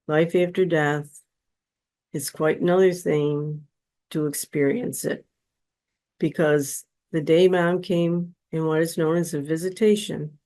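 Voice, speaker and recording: A woman guest on a podcast, telling a personal story in a slow, earnest, heartfelt way. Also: fairly low pitch, a little mellow.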